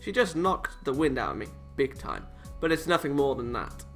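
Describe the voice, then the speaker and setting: A man's voice: medium pitch, sing-song, normal speed, few pauses, faint music behind. A man casually reading a visual novel aloud, cutting in with sarcastic, self-mocking jokes. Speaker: let's play host reading a visual novel. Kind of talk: casual read-aloud with joking asides.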